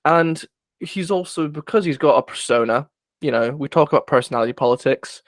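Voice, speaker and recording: Rambling podcast co-host. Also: male voice, on the high side, a little fast, no echo. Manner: rambling, searching for words, with many restarts. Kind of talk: casual political chat.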